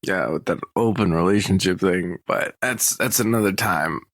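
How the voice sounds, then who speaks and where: Homme jeune, voix grave et sèche, qui raconte en riant. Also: male voice, sits low, animated, unhurried, a bit bright, no echo, clean studio sound. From Texas, USA. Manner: rambling, laughs often, acts out quotes. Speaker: podcast host. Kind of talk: casual solo podcast storytelling.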